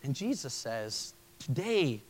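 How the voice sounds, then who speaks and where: A man's voice: mid-range voice, big pitch swings, slow pace, slight background noise, poor audio. A male pastor preaching a sermon in an earnest way, often stopping and restarting his phrases. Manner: earnest, with frequent stammered restarts.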